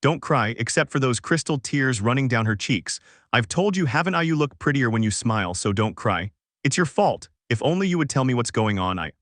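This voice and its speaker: A man reading the lines of a distressed, dignified elf woman in a fanfic story, with an even, unhurried delivery. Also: medium pitch, no room sound, studio quality, close to an everyday voice. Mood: pleading.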